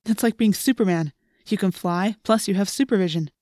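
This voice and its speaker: A woman's voice: medium pitch, brisk, darkish tone, no echo, clean studio sound, lightly acted. A woman voicing an eager, enthusiastic teenage boy who loves flying, in an audiobook reading. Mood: excited.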